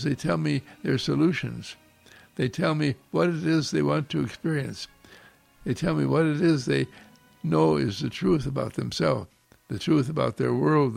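A man's voice: on the high side, vocal fry, a little mellow. A man giving an inspirational spiritual talk, full of effusive repetition and rhetorical questions. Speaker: spiritual practitioner giving uplifting talks.

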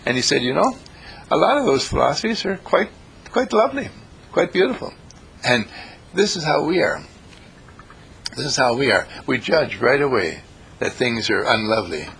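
A man giving a rambling, anecdotal spiritual talk who swings his pitch up and down for emphasis. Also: very animated, moderate pace, gravelly, pauses often, fairly bright tone, husky. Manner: storytelling, swings pitch for emphasis, laughs at himself.

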